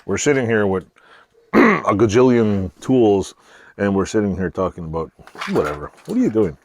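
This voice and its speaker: Low, lively-voiced man in a garage. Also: moderate pace, slight background noise. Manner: joking, laid-back, laughs often. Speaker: channel host. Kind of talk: casual chat. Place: home garage workshop.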